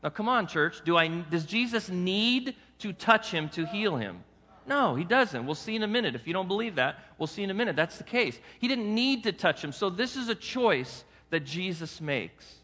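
A male pastor delivering a sermon, animated and coaxing his congregation with rhetorical questions. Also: high-pitched, normal speed, long reverb tail.

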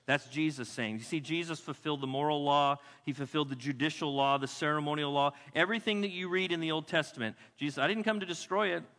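Emphatic pastor, bright voice in a hall. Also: male voice, fast, few pauses. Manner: emphatic preaching, repeats key phrases, drops to a low hush for weight. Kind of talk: sermon. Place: church sanctuary. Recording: long hall reverb.

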